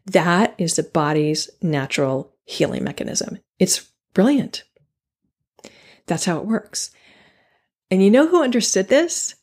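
Her voice is fairly low with a darkish tone as she hosts a podcast alone. She talks with earnest animation, circling back to key phrases for emphasis and restarting sentences.

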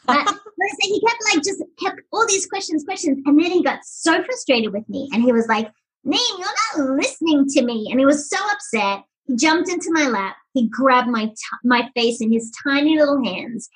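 A woman talking as a podcast guest, telling stories with lively, animated energy. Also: sits high, normal speed, few pauses, poor audio. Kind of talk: conversational storytelling.

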